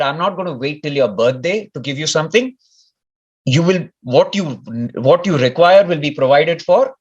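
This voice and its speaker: A man from India telling a personal story in casual talk, rambling and often restarting his words. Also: fairly high pitch. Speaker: speaker sharing a personal story. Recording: dull lo-fi recording.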